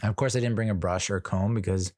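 A man's voice: on the low side, fairly even intonation, fast talker, darkish tone, dry recording, clean studio sound. A middle-aged man telling a rambling, exasperated story in casual monologue, swearing freely and acting out what others said. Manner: rambling, exasperated, profane, acts out other people's lines. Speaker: podcast host.

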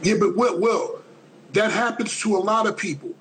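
A man's voice: high-pitched, moderate pace, fairly bright tone, slight background noise, rough recording. A man interviewing a guest, chiming in with short reactions and interjections. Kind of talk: casual interview.

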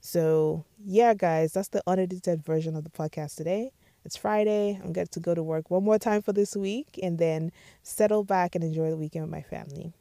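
A woman's voice: fairly low pitch, fairly even intonation, normal speed, warm tone, no echo, studio quality. A woman hosting a podcast, giving casual advice in a chatty way and often checking in with "all right?". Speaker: podcast host.

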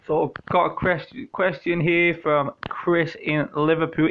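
A British man talks off the cuff to his listeners in a fairly high voice, swearing often and wandering from point to point. He jokes and restarts his sentences as he goes. The recording sounds muffled and lo-fi. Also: fairly even intonation, moderate pace, few pauses, slight background noise. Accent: British English. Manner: profane, joking, meandering, with frequent restarts. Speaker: podcast host answering listener questions. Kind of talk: casual rambling monologue.

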